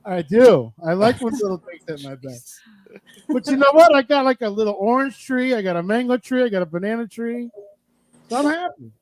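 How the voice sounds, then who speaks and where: A man's voice: very high-pitched, very animated, a little fast, poor audio. A man hosting a live radio stream, chatting casually and joking over a video call. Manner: loose, joking, swears casually. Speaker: radio show host.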